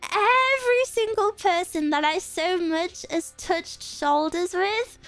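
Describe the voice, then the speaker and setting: Her voice is extremely high and slow, and faint music runs underneath. This young English streamer reads viewer comments in a casual chat, giggling, rambling, and telling stories animatedly.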